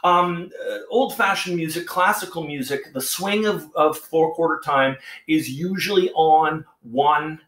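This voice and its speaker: A man's voice: on the high side, unhurried, fairly bright tone. A male music teacher explaining a lesson patiently and counting beats aloud. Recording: echoey room.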